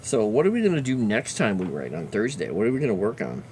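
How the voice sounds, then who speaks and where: A man's voice: on the low side, huge pitch swings, quick pace, darkish tone, a little hiss or hum. A man chatting casually on a livestream, talking fondly to his pet and his viewers. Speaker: livestreamer and fantasy lore writer.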